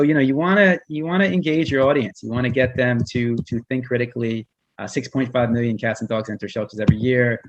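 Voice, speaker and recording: A man with a husky, slightly rough voice talks his audience through an online presentation. He restarts often and fills gaps with fillers, and he speaks straight to his listeners. The sound is dry and a little dull, like a video call microphone. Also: medium pitch, no echo. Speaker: humane educator presenter. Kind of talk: casual online talk with slides.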